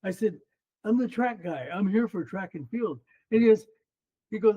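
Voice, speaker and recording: Older man telling animated stories. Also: high-pitched, normal speed, husky, dull audio. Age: 70s. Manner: animated, acts out quoted voices. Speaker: guest, former runner and coach. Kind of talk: storytelling in an interview.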